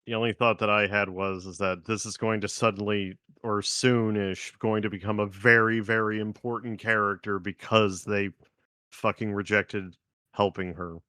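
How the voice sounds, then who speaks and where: Bright-toned joking podcast man. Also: fairly low pitch, level tone, moderate pace, no room sound, studio quality. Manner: joking, profane, riffing. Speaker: podcast co-host. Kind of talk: casual chat.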